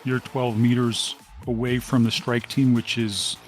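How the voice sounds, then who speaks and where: Over soft background music, a medium-pitched man narrates a tabletop role-playing session as its game master, keeping a steady, deliberate pace with plenty of ums.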